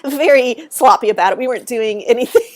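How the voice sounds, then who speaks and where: Animated, laughing woman telling stories. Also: a little high, fast talker. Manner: animated, laughs often, restarts mid-sentence. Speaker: guest author and researcher. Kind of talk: casual podcast storytelling.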